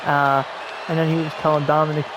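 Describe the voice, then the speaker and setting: A man's voice: fairly high pitch, level tone, fast talker, background noise. Chatty man recapping a wrestling show. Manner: rambling, repeats words, laughs at himself. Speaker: podcast host. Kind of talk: casual wrestling recap chat.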